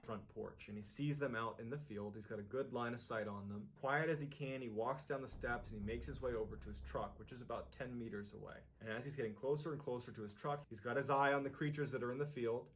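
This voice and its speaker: A man narrating a true-horror tale, pacing it for suspense and rising in intensity. His voice sits in a middle pitch. A faint ambient hum runs behind him. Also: fast, few pauses. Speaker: storyteller.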